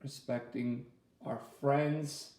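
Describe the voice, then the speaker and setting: A man's voice: medium pitch, extremely slow. Man reading a picture book to kids. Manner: gentle and expressive, asks the children questions. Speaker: martial arts instructor. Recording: echoey room, far from the mic.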